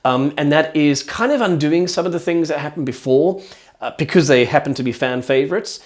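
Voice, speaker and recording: A man's voice: fairly high pitch, a little fast. A man giving an enthusiastic, rambling casual review of a TV show.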